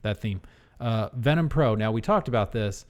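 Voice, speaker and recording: A man's voice: lowish voice, animated, moderate pace. A man hosting a casual podcast, chatting and reading out listings and prices. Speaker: podcast host.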